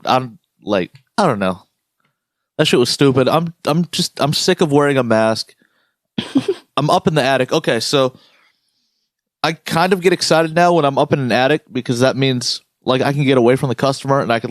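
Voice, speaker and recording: Profane and animated, a young American co-host rants and tells stories during a casual podcast chat. He speaks at a normal speed in a medium-pitched voice. The audio is studio quality with no room sound.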